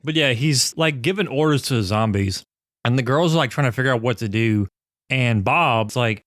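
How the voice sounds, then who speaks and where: Retelling a cult film's scenes in a laid-back, profane way, this podcast co-host keeps the movie review chat casual. His voice sits at medium pitch with a fairly bright tone and moderate pace, on a dry recording with clean studio sound.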